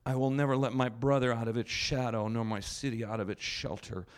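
A young Spartan soldier speaks his oath with slow, firm resolve, as a male preacher reads him out. The voice sits a little low and steady throughout. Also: clear, resonant tone, close to an everyday voice. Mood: solemn.

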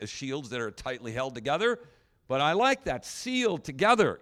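A male pastor delivers a sermon in a conversational, wry manner, with a voice of ordinary pitch. He drifts into jokey asides and restarts his sentences as he goes.

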